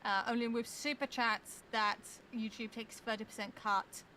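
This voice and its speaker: A woman co-hosting a casual stream, blunt and teasing with crude humor. Her voice is a touch high and bright, with faint noise behind it. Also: fairly even intonation, moderate pace. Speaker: livestream co-host. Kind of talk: casual livestream chat.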